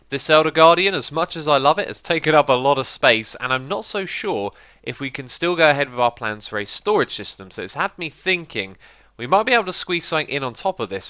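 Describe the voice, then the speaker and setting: Chatty, bright-voiced man gaming. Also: on the high side, smooth. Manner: chatty, excitable, laughs often. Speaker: Minecraft YouTuber. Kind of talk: casual gameplay commentary.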